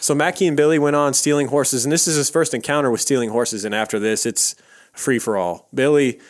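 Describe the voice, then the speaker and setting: A man in the middle of a voice, telling a true crime story on a podcast. He talks in a loose, easygoing way, leaning on fillers and casual swearing. His tone stays conversational and unhurried. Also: mid-range voice. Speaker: podcast co-host.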